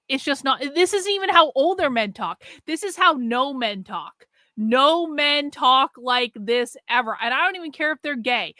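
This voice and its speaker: A woman's voice: fairly high pitch, bright, forceful tone, dry recording, clean studio sound. A woman co-host in casual commentary, emphatic and exasperated, swearing and filling with "like".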